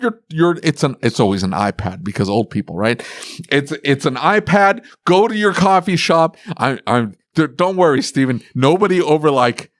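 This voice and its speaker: A man's voice: on the high side, very animated, moderate pace, fairly bright tone, no echo. A man co-hosting a podcast, ranting sarcastically about customers in casual chat. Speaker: podcast co-host, repair shop owner.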